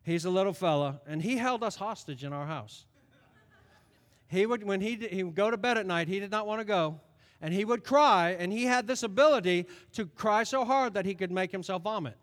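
A middle-aged man preaches with a high-pitched voice that rings out through a long reverberant hall. He tells stories animatedly, rising loud and dropping soft. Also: brisk. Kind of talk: sermon.

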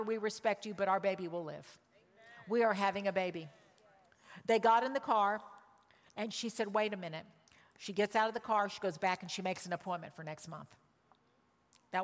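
A woman preaching a sermon, telling a story with emotion and shifting from loud cries to hushed words. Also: medium pitch, long reverb tail. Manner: emotional, swings from loud exclamations to hushed tones.

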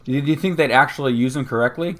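Male podcast host, mid pitch, relaxed and chatty, laughs easily, fumbles names. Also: rapid-fire. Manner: easygoing, laughs often, stumbles over names. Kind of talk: casual chat.

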